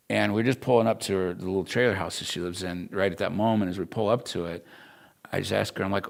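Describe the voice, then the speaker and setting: A low-voiced man with a gravelly, creaky edge, teaching a class. He tells a personal story in an earnest, emotional way. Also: fairly even intonation, fairly quick. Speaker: Bible school instructor.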